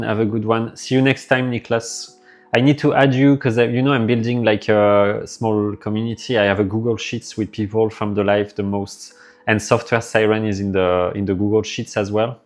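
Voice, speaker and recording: A man's voice: on the low side, level tone, moderate pace, darkish tone. A man with a French accent, live streaming and chatting casually with his viewers, rambling as he answers their messages aloud.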